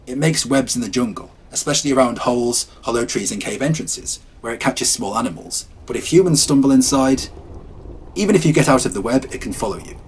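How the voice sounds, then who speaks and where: A man's voice: mid-range voice, lively intonation, a little fast, husky. A man voicing a grave adult male safari assistant with a thick accent, giving solemn, insistent warnings in a spoken horror story. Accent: thick foreign accent.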